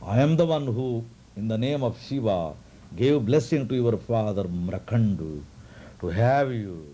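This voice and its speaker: A man voicing a divine child-god who speaks of himself as the universal truth, low, hushed and solemn, in a devotional story. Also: lively intonation, a little slow. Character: divine cosmic child-god, calm and majestic.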